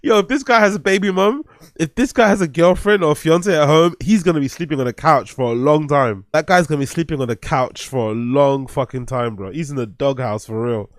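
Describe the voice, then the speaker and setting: A man's voice: medium pitch, brisk, few pauses, no room sound, studio quality. A man with a London accent hosting a show, reacting to a clip with loose, laughing commentary, heavy slang and swearing. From England. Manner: laughs a lot, swears freely, street slang. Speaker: show host. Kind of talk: casual commentary over a clip.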